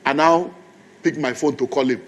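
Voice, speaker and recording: A man's voice: mid-range voice, normal speed. A man with a Nigerian accent preaching a sermon in a church, telling stories conversationally and repeating his points to the congregation. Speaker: pastor.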